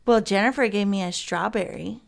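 A woman's voice: mid-range voice, a little fast, gravelly. A woman in her forties co-hosting a podcast, rambling and self-mocking with casual swearing. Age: 40s. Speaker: podcast co-host.

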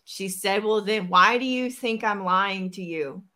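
A woman telling a personal story in a casual podcast chat, animated and acting out the lines of the people in it. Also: medium pitch, a little slow. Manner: animated, acts out quoted dialogue. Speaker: podcast host.

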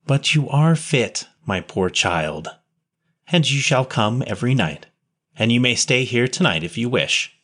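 A man's voice: medium pitch, expressive, unhurried, fairly bright tone, slightly rough, voice pushed up. A man voicing a kindly nun who questions a street boy tenderly, reading a story aloud. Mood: tender, pleading. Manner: tender, pitying, coaxing. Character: kindly gentle nun, adult woman.

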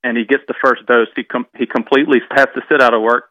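Male caller, bright and forceful tone, dry sound, polite and a bit hesitant. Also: medium pitch, level tone, fast, dry recording, muffled recording. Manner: polite, hesitant, with many fillers. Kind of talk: call-in radio conversation.

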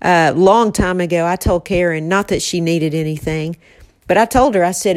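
A woman with a somewhat low voice speaks tenderly and reflectively, her words halting now and then as she gets choked up. The sound is close and dry, with no room around her. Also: no room sound. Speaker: host remembering a late friend with her mother. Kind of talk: casual heartfelt conversation.

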